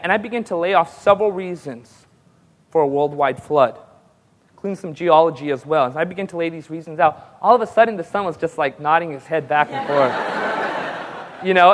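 Male preacher with a high-pitched voice, animated storytelling sermon, long hall reverb. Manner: storytelling, builds to excited high-pitched peaks.

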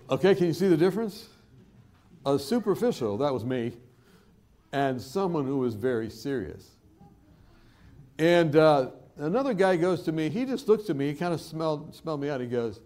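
Speaking briskly at medium pitch, a male preacher delivers a sermon in church. He tells stories in an animated way, with humor and laughter.

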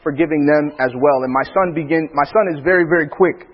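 A husky, high-voiced man gives a church talk on parenting alongside his wife, telling anecdotes as an animated storyteller who acts out his family's lines and laughs often. He speaks briskly, and the recording is muffled and echoey, as in a hall.

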